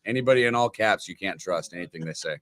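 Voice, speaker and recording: Low-voiced rambling betting co-host. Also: male voice, fast, a bit bright. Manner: rambling, repeats words, talks to the chat. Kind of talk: live stream betting talk.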